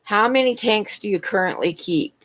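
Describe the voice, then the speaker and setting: A woman's voice: medium pitch, normal speed, a bit bright. A middle-aged woman rambling through a story on her livestream and answering chat in between. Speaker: livestream host.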